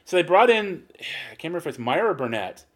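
A man's voice: fairly high pitch, big pitch swings, fast talker, fairly bright tone. A man co-hosting a podcast in casual chat, rambling and profane, hunting for names as he tells stories. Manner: rambling, profane, hunts for names mid-story.

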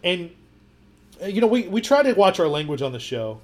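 A man's voice: high-pitched, fairly quick. Rambling man, casual podcast chat. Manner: rambling, repeats words, animated storytelling with quoted voices. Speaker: podcast co-host.

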